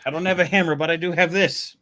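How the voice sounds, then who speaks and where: A man's voice: a little high, steady tone, fast, bright, forceful tone, slight background noise. A man hosting a casual live stream, joking and laughing with co-hosts. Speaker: stream host.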